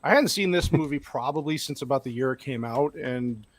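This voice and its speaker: A man's voice: medium pitch, fairly quick. A man hosting a casual group movie review podcast, joking, sarcastic and laughing often. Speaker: podcast host.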